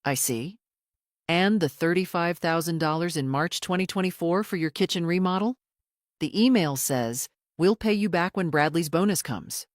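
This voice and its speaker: A woman voicing a female attorney cross-examining a witness, calm, precise and relentless. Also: lowish voice, moderate pace, dry recording, studio quality, close to an everyday voice. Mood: cold.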